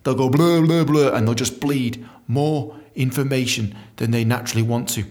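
A British man hosting a podcast, telling stories in a lively, profane, casual way and acting out the dialogue. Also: mid-range voice, normal speed. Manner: animated, profane, acts out dialogue. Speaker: podcast host. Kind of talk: casual storytelling.

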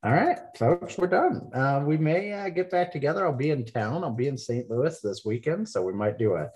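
A man co-hosting a podcast in casual chat, sarcastic and laughing, with sudden jumps up in pitch. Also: animated, normal speed, darkish tone. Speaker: podcast co-host.

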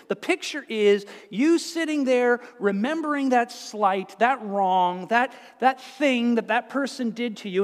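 A male pastor giving a conversational, animated sermon in a church, with many restarts and asides. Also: high voice. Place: church sanctuary. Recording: reverberant church hall.

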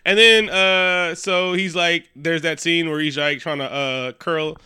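Bright, animated man recapping a movie. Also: fairly high pitch, measured pace, clean tone. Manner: animated, profane retelling with quoted character lines and frequent laughs. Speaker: podcast co-host. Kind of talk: casual movie recap chat.

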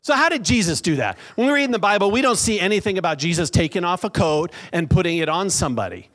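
A middle-aged man preaching a lively sermon in a church, drawing call-and-response from the congregation. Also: sits high, fast. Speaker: pastor.

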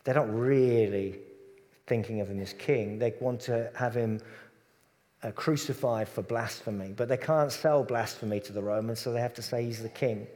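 A man preaching a sermon in a conversational way, sometimes dropping to a soft, hushed voice on tender points. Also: medium pitch, steady tone, normal speed, big-room sound.

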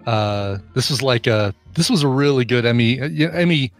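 A man co-hosting a podcast in casual chat, wry and dry, pausing often to hunt for words. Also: mid-range voice, lively intonation, soft background music. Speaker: podcast co-host.

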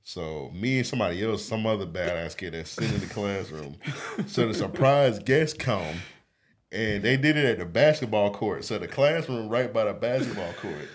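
A young man co-hosting a podcast, telling a childhood story in casual slangy talk, often laughing and getting animated. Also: lowish voice, normal speed. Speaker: podcast co-host.

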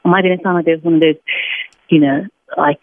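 A British woman in her thirties talks as a guest, lively and chatty. Her voice sits a little low. She comes through a thin, phone-like line with no room sound. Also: fast talker, no room sound. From Britain. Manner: chatty, animated storytelling with laughs. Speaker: podcast guest. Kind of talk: casual interview chat.

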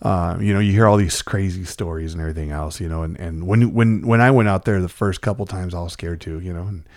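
Casual man telling a lively story. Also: low-pitched, fast. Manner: animated storyteller, acts out quotes, curses freely.

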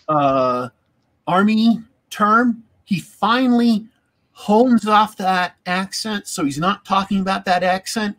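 A man in casual chat about tabletop gaming, rambling and repeating words as he thinks. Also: sits high.

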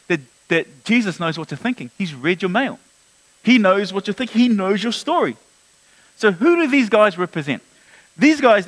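A man preaching a sermon, earnest, with frequent repeated words and swings between loud rises and soft low drops. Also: poor audio. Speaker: pastor.

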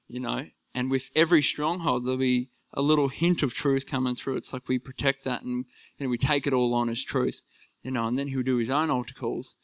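Halting, earnest man with a bright voice. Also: medium pitch, fairly even intonation, no echo. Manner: earnest, halting, full of "you know" fillers. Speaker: church member giving testimony. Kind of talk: personal faith testimony.

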